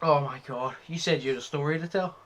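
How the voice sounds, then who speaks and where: A man's voice: on the high side, fast, fairly bright tone, a little hiss or hum. A young man co-hosting a casual podcast, swearing freely and laughing often as he retells comedy scenes. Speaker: podcast co-host.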